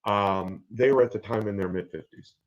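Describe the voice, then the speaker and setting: A man in his fifties telling a personal story in a halting, earnest way, with many pauses and fillers. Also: fairly low pitch, rough recording. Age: 50s. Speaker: guest sharing his story.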